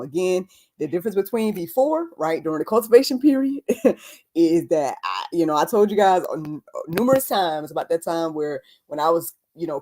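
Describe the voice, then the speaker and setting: A young adult woman hosting a casual faith talk livestream, chatty and animated, laughing often and speaking with many fillers. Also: lowish voice. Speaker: host.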